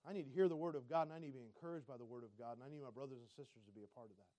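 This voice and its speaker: A male pastor preaching a sermon, swinging between loud emphatic lines and quiet asides and asking the congregation direct questions. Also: mid-range voice, very fast, no room sound.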